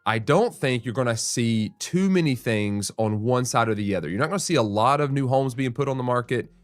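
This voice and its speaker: A man's voice: medium pitch, animated, fairly quick, no room sound, clean studio sound, faint music behind. A man hosting a real estate show, explaining market news in a conversational, thinking-aloud way with restarts and frequent "right?" asides.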